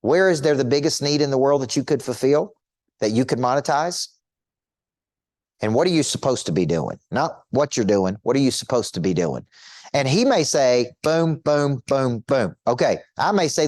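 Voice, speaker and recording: A man's voice: medium pitch, animated, moderate pace, darkish tone, no echo. Emphatic male coach, dry sound. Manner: emphatic, repetitive, asks the audience rhetorical questions. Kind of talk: motivational teaching talk.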